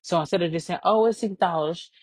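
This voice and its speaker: Energetic woman coaching small businesses. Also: lowish voice, quick pace, husky, dry recording. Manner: lively, emphatic, repeats points for stress. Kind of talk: casual live-stream business tips.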